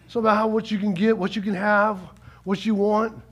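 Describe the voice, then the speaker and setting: A male pastor preaching a sermon, animated, repeating words for emphasis and acting out quotes, swinging from quiet slow lines to loud shouts. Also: sits high, slightly rough.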